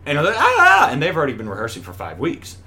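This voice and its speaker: A middle-aged man, a stage actor, chatting in an interview and acting out the voices of people in his stories. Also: racing. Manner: animated storyteller who acts out voices with big pitch jumps. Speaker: Broadway actor, guest. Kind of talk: casual interview chat.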